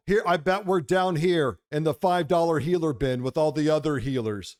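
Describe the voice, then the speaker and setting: A man's voice: a little high, moderate pace, few pauses, a little mellow. Swearing gamer dude hosting his channel, mock sermon vibes sometimes. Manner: brash, profane, mock-preachy. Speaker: host. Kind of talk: casual game commentary.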